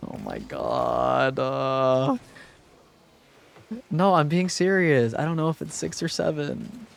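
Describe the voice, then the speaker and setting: A man's voice: fairly high pitch, takes it slowly, gravelly. A young man streaming live, chatting casually and rambling with lots of fillers while thanking viewers.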